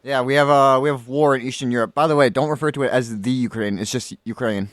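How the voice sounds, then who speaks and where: A man's voice: mid-range voice, steady tone, fast, no room sound, studio quality. A man cohosting a casual podcast who earnestly explains facts. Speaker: podcast co-host.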